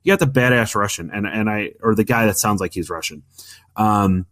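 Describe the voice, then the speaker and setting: A man's voice: lowish voice, fairly quick, fairly bright tone. A man co-hosting a casual gaming podcast, rambling with many restarts and arguing his opinions firmly. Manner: opinionated, argumentative. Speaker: podcast co-host.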